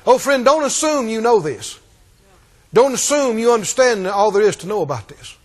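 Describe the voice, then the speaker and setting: High, lively-voiced preacher man in a reverberant hall. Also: normal speed. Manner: emphatic, repetitive, call-and-response. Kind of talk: sermon.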